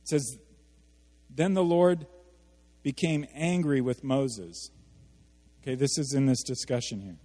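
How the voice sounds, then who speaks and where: A man preaching a sermon as a pastor, animated, asking his congregation questions and acting out the quotes he reads. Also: medium pitch, a little slow. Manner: animated, asks the audience questions, acts out quotes. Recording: hall reverb.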